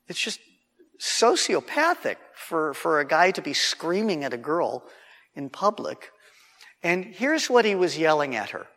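A man tells a sermon story in an animated, conversational way, often restarting his sentences. His voice sits a little high for a man. A long hall reverb trails after his words. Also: measured pace. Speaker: preacher.

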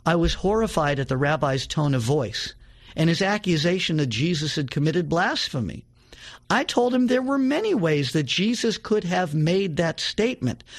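A man hosting a religious talk show, reading a testimony aloud with dramatic emphasis, then talking casually with some fillers. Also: sits high. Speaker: radio show host.

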